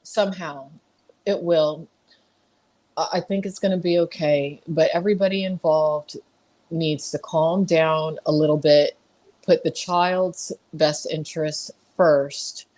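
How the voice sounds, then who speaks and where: A woman with a fairly low voice hosts the chat. She speaks in a measured, reassuring way, stumbling and repeating words as she searches for her advice. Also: steady tone, darkish tone. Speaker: podcast host.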